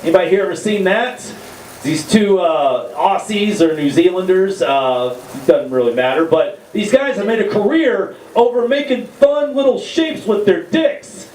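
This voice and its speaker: A man tells crude, self-mocking stories in a stand-up set, his voice sitting high for a man. He is heard through a stage mic in a live venue with a roomy echo, set a little back from the microphone and with faint background noise. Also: normal speed, a little mellow, distant mic. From Texas. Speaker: stand-up comedian. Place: comedy venue, live room.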